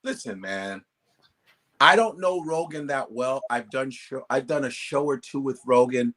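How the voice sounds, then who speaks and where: A male comedian telling stories as a guest in a casual interview, animated and profane, acting out quoted voices. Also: mid-range voice, measured pace.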